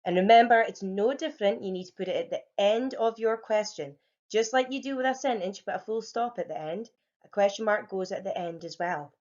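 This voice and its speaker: A woman's voice: mid-range voice, brisk, a little mellow, muffled recording. A young woman, a primary teacher, patiently explaining grammar to young children at a whiteboard. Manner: clear, patient, encouraging classroom explaining. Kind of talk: home learning grammar lesson for young children.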